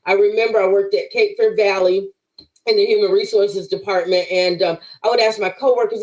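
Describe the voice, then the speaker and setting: An emphatic woman with a preacherly way of talking tells her faith testimony as a podcast guest. Her voice sits at an ordinary middle pitch, and she keeps addressing her listeners directly as she talks. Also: fairly even intonation, a little fast, poor audio.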